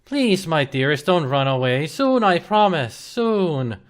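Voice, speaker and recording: A creepy middle-aged woman murmuring doting endearments to her pet, read out by a man. The voice is hushed and tender, drifting up and down through a wide, lively pitch range. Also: takes it slowly. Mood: cooing.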